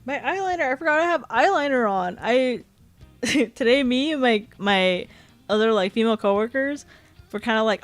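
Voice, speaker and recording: A woman's voice: a little high, animated, normal speed, dry recording, soft background music. A young woman in her twenties streaming a casual chat, rambling with lots of fillers and giggling often. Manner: filler-heavy, frequent "like".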